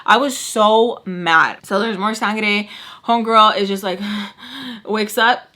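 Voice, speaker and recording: Bright, animated woman telling a story. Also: medium pitch, slow pace. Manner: animated, slangy, dramatic retelling. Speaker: vlogger. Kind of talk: storytime vlog, casual chat.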